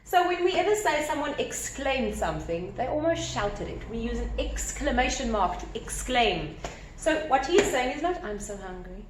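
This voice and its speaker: A woman teacher explaining a grammar lesson step by step, animated and repeating key points. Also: high-pitched, moderate pace, a little hiss or hum. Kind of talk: recorded grammar lesson at a whiteboard. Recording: echoey room with faint ambience.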